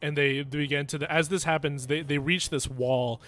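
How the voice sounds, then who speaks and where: A young man runs an online tabletop game, narrating the scene in loose, self-correcting bursts. His voice sits a little high for a man and sounds bright and forward. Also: fairly even intonation, normal speed, soft background music. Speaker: game master.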